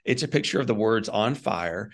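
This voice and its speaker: A man from Missouri, a guest and author, telling his own story in an earnest, animated way and often saying "man". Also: lowish voice, normal speed. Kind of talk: conversational storytelling.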